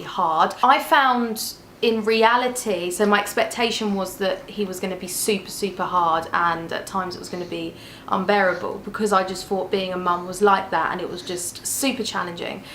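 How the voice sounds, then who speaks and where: A woman's voice: medium pitch, fairly bright tone. A young woman chatting candidly to camera as a vlogger, often restarting her sentences. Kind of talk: casual chat to camera. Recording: echoey room.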